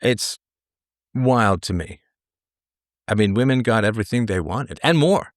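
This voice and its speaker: A man's voice: fairly low pitch, animated, unhurried, no room sound, studio quality. A man hosting a livestream monologue, reading statistics and repeating his phrases for emphasis. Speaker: livestream host. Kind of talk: commentary monologue.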